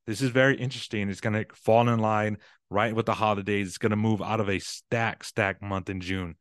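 A man talking through the news in a relaxed, offhand way, his voice sitting a little low. He rambles, fills his phrasing with "kinda" and corrects himself as he goes. The sound is dry and close, with no room around it. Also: dry recording. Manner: chatty, loose phrasing with frequent "kinda" and self-corrections. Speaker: commentator. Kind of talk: casual solo commentary on news and movies.

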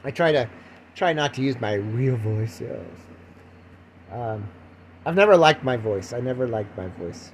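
An older man hosts a loose, rambling solo podcast, restarting and correcting himself as he goes. He speaks in his own plain, middle-pitched voice. It is recorded on a phone. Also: expressive, measured pace, pauses often, a little hiss or hum, low-quality recording. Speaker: podcast host. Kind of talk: casual rambling monologue.

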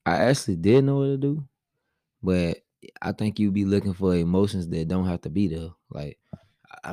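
This is a man with a lowish voice, talking bluntly with his wife in a casual couple's chat. He stays laid-back while he argues his side. The recording is dry, with little room sound. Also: normal speed, dark tone, no echo. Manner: blunt, laid-back, argumentative, says "bro" often. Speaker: husband in a couple's vlog.

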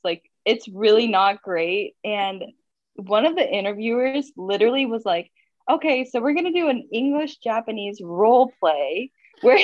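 A woman's voice: on the high side, no echo, highs cut off. A young woman in her twenties telling stories in casual chat, full of fillers, over a video call. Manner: chatty storytelling, filler-heavy. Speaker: guest. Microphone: phone on video call.

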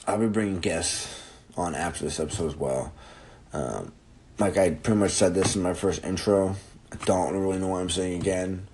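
A man's voice: deep voice, darkish tone, a little hiss or hum, low-quality recording. A man in his twenties hosting his own podcast, rambling and joking with plenty of swearing in casual monologue. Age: 20s. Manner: profane, rambling, jokey. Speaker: podcast host.

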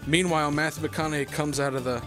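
A man's voice: fairly high pitch, steady tone, quick pace, over music. A man casually recapping a movie plot, rambling and swearing a lot, now and then acting out lines in silly voices.

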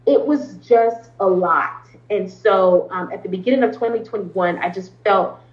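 A woman's voice: medium pitch, a little slow. A woman therapist speaking as an interview guest, explaining earnestly at length with frequent ums and restarts. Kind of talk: conversational interview talk. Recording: roomy, slightly dull sound.

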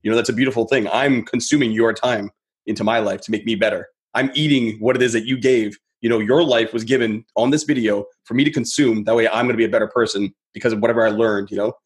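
A man with a mid-range voice speaks as a guest on a podcast. He thinks out loud and often circles back mid-sentence. His delivery is reflective and unhurried. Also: medium pitch, steady tone. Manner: rambling, reflective, many "you know" fillers and restarts. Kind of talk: casual podcast conversation.

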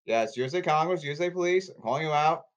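A man's voice: a little high, fast, highs cut off. Insistent man rambling to camera. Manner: repetitive, insistent, restarts often.

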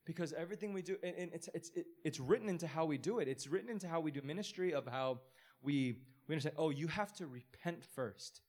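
A man's voice: fairly high pitch, fast talker, a little mellow. A man, a pastor, giving an informal, earnest sermon in a conversational way, often restarting his sentences.

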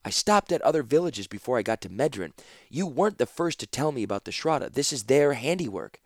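A man's voice: medium pitch, sing-song, fairly quick, no room sound, clean studio sound, pitched above the performer's own voice. A man voicing a tough female warrior who talks in clipped, urgent lines in an audiobook. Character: tough blunt female warrior, terse and practical. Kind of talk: audiobook character voice.

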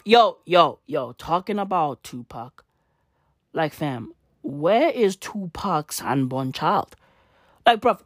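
Woman ranting + swearing nonstop, bouncy lively pitch, super dry sound. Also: no room sound. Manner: swears constantly, slangy, swings between shouting and muttering. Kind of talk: profane comedic rant.

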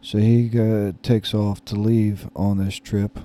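A man's voice: lowish voice, little pitch movement, takes it slowly, dark tone. A man in his thirties casually telling a story, rambling and hesitant with many fillers and restarts. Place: lives in Florida.

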